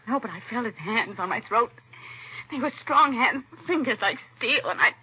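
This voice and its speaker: A terrified young wife. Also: female voice, fairly high pitch, animated, moderate pace, sharp tone, slightly rough, heavily acted. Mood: frightened. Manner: breathless and fearful. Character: frightened young woman, detective's wife, shaken. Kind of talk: 1940s radio drama acting. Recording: dull lo-fi 1940s radio recording.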